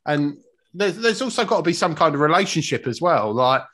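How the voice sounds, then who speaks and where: A man's voice: a little high, sing-song, fairly quick, a bit bright. A man, a guest on a podcast, talking in a blunt, rambling way in casual chat.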